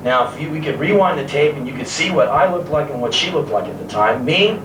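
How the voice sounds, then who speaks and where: Brisk and expressive, his voice a little high, a man in his thirties delivers live spoken word on a pub stage, mocking himself with sarcasm and cursing freely for the audience. The live bootleg tape is noisy, distant and echoey.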